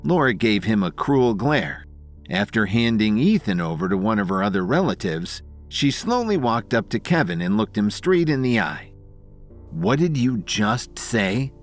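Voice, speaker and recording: A man's voice: fairly low pitch, sing-song, normal speed, faint music behind. A man narrating an audio drama with dramatic storytelling.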